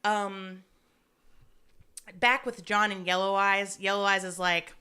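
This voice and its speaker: Bright-voiced young woman recapping casually. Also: medium pitch, slow pace, long pauses, clear, resonant tone. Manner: animated, profane storytelling. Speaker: podcast co-host.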